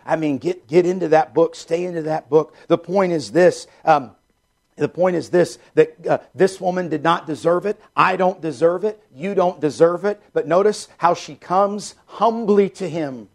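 A man preaching a sermon in an earnest, repetitive way, dropping soft and low when he voices a prayer. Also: moderate pace, vocal fry, few pauses.

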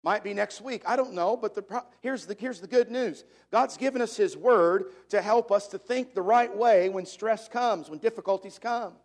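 High-voiced emphatic preaching man. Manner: emphatic, slows down to stress verses. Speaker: pastor. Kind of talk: sermon.

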